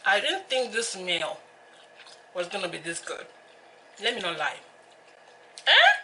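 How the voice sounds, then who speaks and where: A young woman with a Nigerian accent chats to the camera between bites in a casual, hyper style. Her voice is bright and forward. She keeps breaking into snatches of song and quick Yoruba asides. A faint hum of noise sits under her voice. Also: fairly low pitch, lively intonation. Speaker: mukbang host. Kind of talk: casual eating-show chat.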